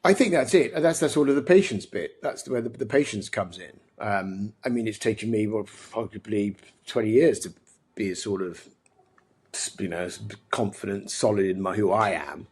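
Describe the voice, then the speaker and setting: A man's voice: fairly low pitch, normal speed, a little mellow, husky. A man with a posh English accent, a podcast guest talking earnestly and reflectively, often restarting his sentences. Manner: thoughtful, many restarts and fillers, earnest. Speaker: podcast guest, mental health advocate. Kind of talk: reflective conversational interview.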